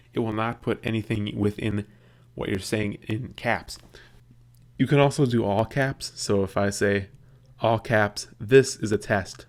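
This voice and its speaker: A young man casually explaining a tutorial step by step, slowing down when he dictates punctuation aloud. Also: lowish voice. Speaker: tech video host. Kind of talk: screen tutorial with dictation demo.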